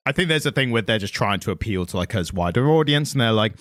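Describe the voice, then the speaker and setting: A man's voice: fairly low pitch, animated, quick pace, fairly bright tone, no room sound, studio quality. An English man co-hosting a casual podcast chat, meandering and hedging with fillers. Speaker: podcast co-host.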